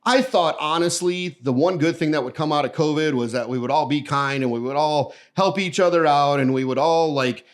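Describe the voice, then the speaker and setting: A man's voice: on the high side, a little fast, hardly any pauses. A middle-aged man from the American Midwest, a podcast guest telling stories in casual conversation and acting out the voices in his anecdotes. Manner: animated storyteller who acts out the voices in his anecdotes.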